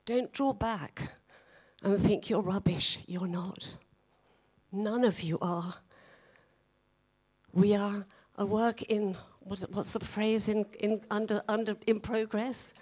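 A woman leading a church gathering, speaking in a gentle, encouraging manner. She talks slowly and unhurriedly, urging her listeners on. Her pitch is medium. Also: steady tone. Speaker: meeting leader. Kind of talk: church exhortation.

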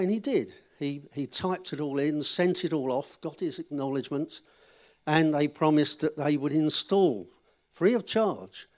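A man with a slightly high voice reads out the notices at a church gathering. He is chatty and friendly, and he jokes with the people in front of him. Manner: chatty, friendly announcer, joking with the audience. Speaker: event leader giving notices. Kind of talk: church notices and a told joke.

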